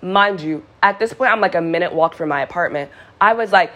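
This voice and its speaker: A woman's voice: on the low side, brisk, fairly bright tone. A young adult woman vlogger telling a story in a blunt, profane, dramatic way. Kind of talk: casual storytime.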